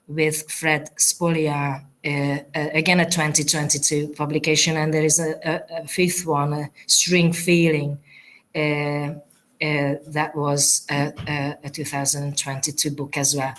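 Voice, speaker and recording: At a poetry reading in a university lecture theatre, a woman introduces the readers, her live introduction full of fillers and restarts. Her voice is low-pitched and a bit bright.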